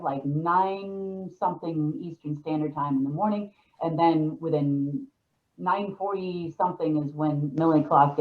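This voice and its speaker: Rambling lady host, low-ish voice, sounds like she's on a phone line. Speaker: show host. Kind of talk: casual monologue on a call.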